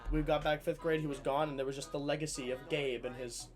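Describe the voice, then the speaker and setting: A man tells a comic story from his school days in a loose, chatty way. His voice sits a little high, and he swears freely and fills pauses with "um" and "like". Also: music in the background. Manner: animated, swears freely, lots of fillers. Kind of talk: casual comedic storytelling.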